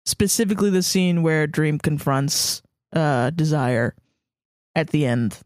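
A woman's voice: low-pitched, measured pace, darkish tone, no echo. A woman co-hosting a podcast in casual chat, dry and sardonic, swearing casually. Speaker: podcast co-host.

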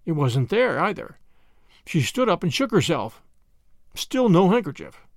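A man reads a classic story aloud with an expressive touch. His voice is high and swings widely in pitch. The recording is close and dry. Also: a little slow, creaky, no room sound. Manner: expressive, animated reading. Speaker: narrator. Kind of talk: storybook narration.

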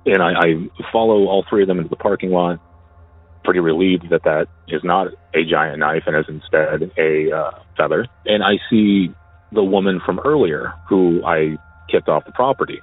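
A very low-voiced man recounts a story in a casual, halting way, stumbling and repeating words. He is heard through a tinny, phone-like line with a dry sound. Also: steady tone, no room sound, soft background music. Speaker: caller sharing a personal story.

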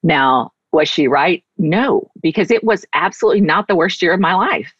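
Husky-voiced woman author, dry dull audio. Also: lowish voice, expressive, normal speed, no room sound. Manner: heartfelt, reflective, emphatic. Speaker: author guest. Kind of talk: conversational interview.

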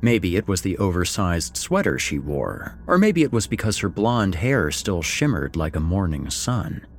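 A middle-aged man narrating a first-person story, expressive and wry, voicing the dialogue. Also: sits low, unhurried. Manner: expressive, swings between wry and somber. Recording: faint background music.

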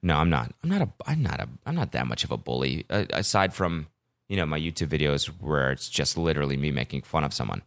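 A man's voice: very deep voice, sing-song, quick pace, a bit bright. A young man hosting a podcast, ranting casually with profanity and self-mocking storytelling. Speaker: podcast host. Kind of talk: casual solo podcast rant.

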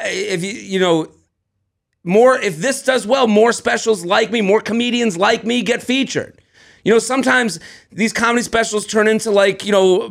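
A man in his thirties, a comedian co-hosting a podcast, chatting in a rambling, excitable way with lots of restarts. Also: high-pitched, gravelly. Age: 30s. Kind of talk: casual chat.

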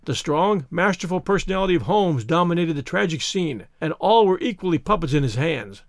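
A man reading a story aloud as narrator, in a steady, measured delivery. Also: on the high side, dry recording, clean studio sound. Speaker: audiobook narrator. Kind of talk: scripted narration.

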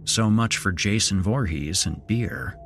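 A male horror podcast host with a very low voice narrating a scripted tale. He reads slowly and gravely, with faint music playing beneath his voice. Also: fairly bright tone. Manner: slow, grave storytelling.

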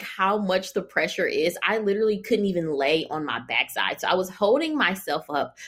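A woman's voice: on the low side, husky. A young woman casually telling her birth story, chatty and laughing often as she acts out what people said.

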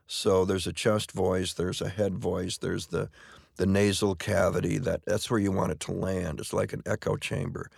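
A middle-aged man, a stage actor, talking in a relaxed, anecdotal way in an interview, often restarting and repeating words. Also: low-pitched, vocal fry, no room sound, clean studio sound. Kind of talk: conversational interview.

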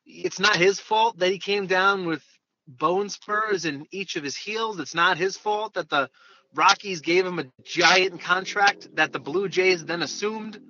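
A man from New Jersey, a baseball reporter joining a podcast by phone from his car, chatting in a joking, halting way. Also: high-pitched, sharp tone, no room sound, muffled recording. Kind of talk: casual podcast chat. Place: in a car, driving.

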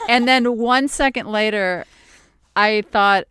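A woman co-hosting a podcast in casual chat. Her voice is smooth and resonant, recorded close and dry. She tells stories with a deadpan delivery and breaks into laughter. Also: medium pitch, a little slow, no room sound. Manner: dry storyteller, bursts into laughter. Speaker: podcast co-host.

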